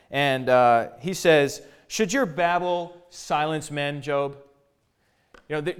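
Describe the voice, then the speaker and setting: A man's voice: fairly high pitch, clean tone. A man preaching from the Bible in a casual, conversational way, paraphrasing in modern slang and often repeating words as he goes.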